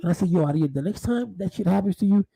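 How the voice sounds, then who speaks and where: A man telling profane street stories in a casual, animated monologue, full of restarts. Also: high voice, fast talker, vocal fry, breathy edge, low-quality recording. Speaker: podcast host.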